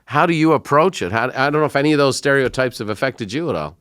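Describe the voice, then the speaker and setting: A middle-aged man hosting an interview podcast, telling stories in a conversational, animated way. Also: mid-range voice, fast talker, no room sound, studio quality. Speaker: podcast host.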